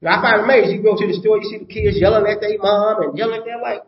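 High-voiced older preacher in a roomy hall. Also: male voice, racing, dull audio. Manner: emphatic, repeats points, asks the congregation rhetorical questions. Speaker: pastor. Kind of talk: sermon.

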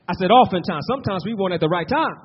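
A man's voice: sits high, animated, very fast, breathy edge. A man preaching a sermon, repeating words for emphasis and calling out to the congregation. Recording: muffled lo-fi sermon recording.

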